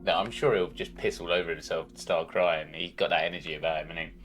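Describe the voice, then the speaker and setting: A man's voice: sits low, steady tone, quick pace, fairly bright tone, faint music behind. A man livestreaming a game, chatting casually in a rambling, sweary way at a home desk mic. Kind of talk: casual chat while gaming.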